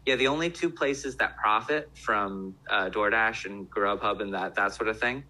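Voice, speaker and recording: Man, low-ish pitch, very bright tone, rambling casual conversation. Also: normal speed, rough recording. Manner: rambling, lots of fillers and restarts. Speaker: former restaurant worker. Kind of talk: casual chat.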